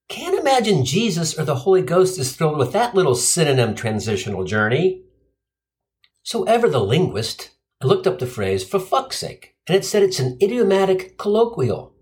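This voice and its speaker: A man's voice: high voice, sing-song, brisk. A middle-aged man from Cincinnati delivering a sardonic, profane comic monologue. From Cincinnati, USA. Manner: sardonic, profane, punchline-driven. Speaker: stand-up comedian.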